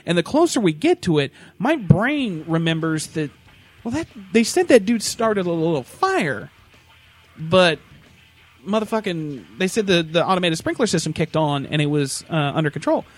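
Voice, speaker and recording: On a podcast, a man rants casually and tells stories, swearing throughout in an animated way. His voice is fairly high-pitched at normal speed.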